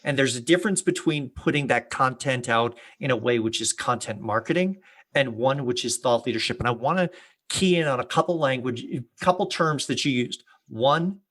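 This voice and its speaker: Host: a man with a mid-pitched, even voice, reflective and building his points at length. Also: moderate pace. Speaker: podcast host. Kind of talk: interview questions and commentary.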